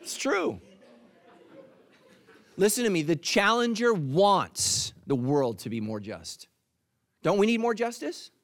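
A man preaching a sermon in a high, bouncing voice that swings up and down. He talks in a punchy, teasing way with playful asides. The sound is dry and close, with no room echo. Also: sing-song, takes it slowly, pauses often, a bit bright. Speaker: pastor.

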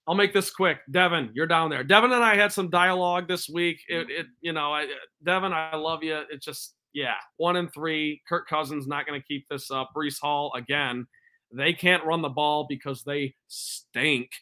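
A young man with a bright, forceful voice sitting a little high for a man. He co-hosts a casual sports podcast and talks emphatically, ribbing his friends and laying on the trash talk. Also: fairly even intonation. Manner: emphatic, trash-talking, quick to joke. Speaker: podcast co-host. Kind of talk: casual fantasy football chat.

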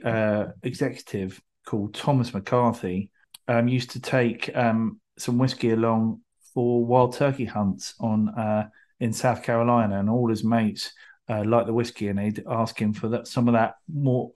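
A man's voice: mid-range voice, darkish tone. A man, co-hosting a casual chat, telling stories with many ums and restarts. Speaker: co-host. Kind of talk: casual chat about whiskey and anecdotes.

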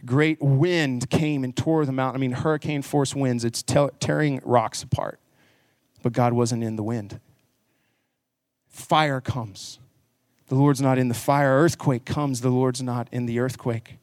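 A man preaching to a church congregation. His delivery is earnest and conversational, and it builds into emphatic stretches. His voice sits at a middle pitch, and it is recorded close and dry. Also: fairly even intonation, measured pace, a little mellow, dry recording. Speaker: pastor. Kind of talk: sermon.

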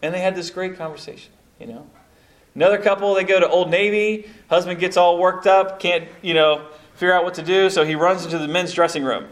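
A man's voice: high-pitched, a little fast. A man leading a church evangelism training session, telling stories with many asides to a live group. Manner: storytelling, animated, many asides like "you know, kind of thing". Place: church meeting room with a live audience.

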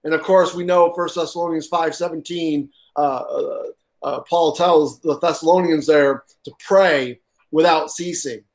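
A man's voice: a little high, fairly even intonation, a little slow. A man preaching a sermon, reading from a workbook and stressing his points with repeated words and restarts. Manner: reads aloud from a workbook. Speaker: pastor.

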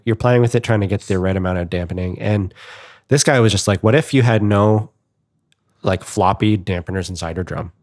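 With a deep and slightly mellow voice, a man co-hosting a podcast chats loosely, wandering off with fillers and restarting his sentences. It's a dry, studio-quality recording.

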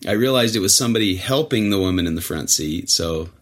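A man's voice: low-pitched, fast talker. A man co-hosting a podcast, telling a casual, rambling story full of fillers and acting out the quotes. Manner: rambling, filler-heavy, animated, acts out quotes. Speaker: podcast co-host.

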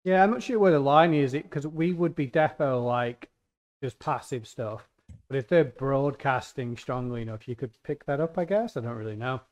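Guy at a tabletop game, rambly and jokey, thinking out loud. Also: mid-range voice, moderate pace, dull audio. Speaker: player. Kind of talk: casual tabletop play.

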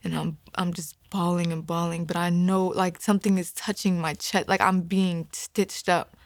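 A woman's voice: on the low side, flat delivery, moderate pace, no room sound. Earnest rambling young woman, dry close sound. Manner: earnest, rambling, heavy use of "like" fillers; drops to a whisper when quoting her own thoughts. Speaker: guest giving a faith testimony. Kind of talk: emotional personal testimony.

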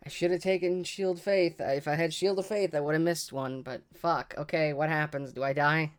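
A tabletop game player thinking aloud, excitable and swearing freely. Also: mid-range voice, normal speed, clean tone. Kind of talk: casual tabletop game play.

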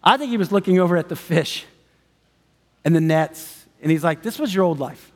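A man's voice: fairly high pitch, animated, normal speed, a little mellow. A male pastor, preaching a sermon in an enthusiastic, chatty way with frequent laughs. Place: large church hall. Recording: long church-hall reverb.

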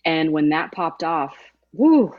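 Low-voiced woman telling a story with feeling. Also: normal speed, phone-quality sound. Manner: emotional, emphatic storytelling. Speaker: guest, former sideline reporter. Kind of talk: conversational interview.

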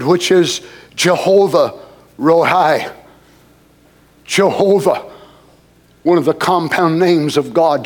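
A man preaching and praying with fervor, swinging between soft murmured prayer and loud high exclamations. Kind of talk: emotional sermon and prayer.

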